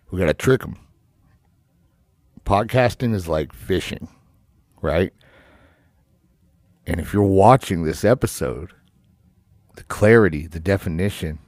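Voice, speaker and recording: A man co-hosting a podcast in relaxed, rambling chat with lots of fillers and some vocal fry, on a studio microphone. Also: sits low, no echo. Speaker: podcast co-host.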